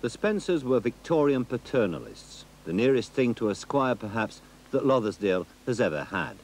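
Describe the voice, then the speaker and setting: Man, documentary narrator, scripted delivery, lively pitch, faint background hiss. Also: normal speed.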